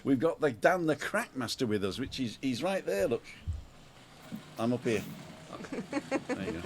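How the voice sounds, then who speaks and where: A man's voice: mid-range voice, sing-song, normal speed, a little hiss or hum. A man hosting a casual livestream chat on an outdoor balcony, greeting viewers and reading out their names, recorded on a smartphone. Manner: chatty, reads out viewer names. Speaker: livestream host.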